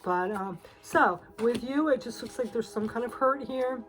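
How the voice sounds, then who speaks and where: A woman with a fairly high voice gives a casual tarot reading at normal speed, faint music behind her on a rough recording. Emotional and teary, almost crying, she confides in listeners with soft laughs and lots of fillers.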